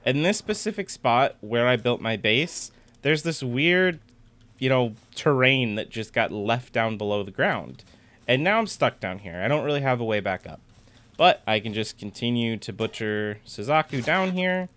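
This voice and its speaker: A man's voice: medium pitch, big pitch swings, moderate pace, fairly bright tone. A man giving casual gameplay commentary, chatty and explaining things step by step as he plays. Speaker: gaming content creator.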